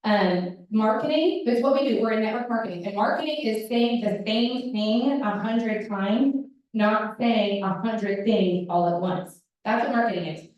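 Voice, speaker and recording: A woman's voice: mid-range voice, normal speed, darkish tone. A woman leading a network marketing team, giving a casual motivational talk. She is chatty and self-deprecating, and she acts out her own past remarks. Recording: echoey hall, voice from a distance.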